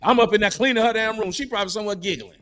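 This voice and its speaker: A middle-aged man hosting a podcast, arguing in a preachy, mocking, animated way. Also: high voice, rapid-fire, soft background music. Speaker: podcast host. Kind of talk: heated casual debate. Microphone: studio mic.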